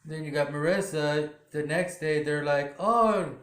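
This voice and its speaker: A man with a fairly high voice talks through a drama episode, rambling and loose, leaning on "you know" between thoughts. The room around him is echoey. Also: flat delivery, moderate pace. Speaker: drama recap vlogger. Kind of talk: casual episode recap. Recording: roomy echo.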